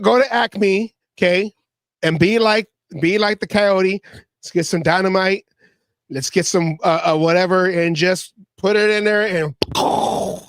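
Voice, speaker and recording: A man's voice: sits high, no room sound, clean studio sound. A man co-hosting a casual sports talk show, joking and riffing into sarcastic bits. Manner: joking, riffs into sarcastic impressions. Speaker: podcast co-host.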